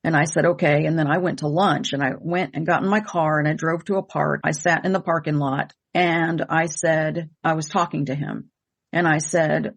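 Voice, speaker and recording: A woman's voice: low-pitched, fairly even intonation, moderate pace, creaky. A woman co-hosting and telling a personal story in an earnest, emotional way, often repeating herself for emphasis. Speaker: medium and co-host. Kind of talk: candid conversational storytelling.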